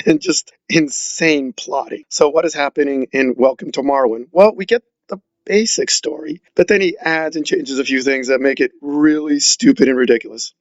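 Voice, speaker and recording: A man's voice: on the high side, dry recording, muffled recording. A man giving a sarcastic, exasperated film review, mocking the movie as he goes. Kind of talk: opinionated film review monologue.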